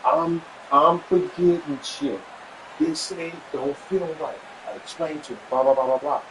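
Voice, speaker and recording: A man casually telling a personal story, animated and repeating himself as he acts out what was said. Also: a little slow, noisy background. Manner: animated, acts out quoted dialogue with pitch jumps; repetitive, stumbling restarts. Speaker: vlogger sharing a family update.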